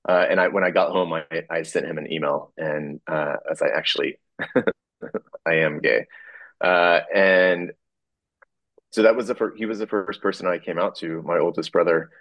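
A man telling a personal story in a halting way, full of fillers, restarts and small chuckles. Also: low-pitched, steady tone, dry recording, muffled recording.

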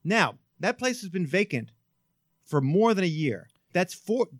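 A man hosting a casual talk radio show, an animated, swearing, rambling storyteller on a close studio mic. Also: sits high, unhurried, dry recording.

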